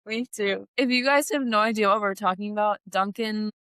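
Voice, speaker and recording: A woman co-hosting a podcast in casual chat, animated and laughing as she sets up role-play prompts. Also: medium pitch, fairly quick, clean tone, dry recording, studio quality. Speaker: podcast co-host.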